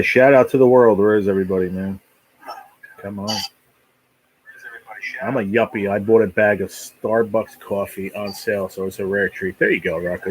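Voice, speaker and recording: This livestream host talks in a fairly low voice, captured on a low-quality recording. Easygoing and rambling, he carries on the casual chat between bites of food.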